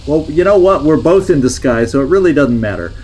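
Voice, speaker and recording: A man's voice: on the high side, animated, fairly quick, darkish tone, slight background noise. A man streaming a strategy game, thinking aloud in a hesitant, musing way as he plans each move. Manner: musing, hesitant, talks himself through plans. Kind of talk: thinking-aloud gameplay commentary.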